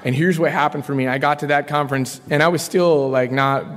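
A man in his thirties from Colorado sharing his personal story from a podium, casual and animated with slang. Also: on the high side, brisk. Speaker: speaker sharing his story at a recovery meeting. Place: large conference hall. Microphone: podium mic. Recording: long hall reverb.

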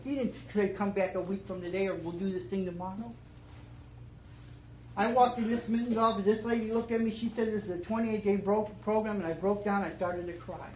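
A middle-aged man telling his story at a twelve-step meeting, starting low and emotional and rising to fervent emphasis, with many repeated phrases. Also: steady tone, brisk, a little mellow. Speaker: recovering alcoholic sharing his story. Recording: echoey meeting room, faint noise.

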